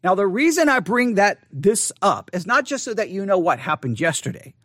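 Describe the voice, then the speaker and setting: A man in his forties with a fairly high voice, speaking to his online audience. His delivery is earnest and halting, with frequent restarts and repeated words. The recording is close and dry, with no room echo. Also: big pitch swings, fairly bright tone. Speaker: online Bible teacher. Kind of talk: personal monologue to an online audience. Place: empty church sanctuary.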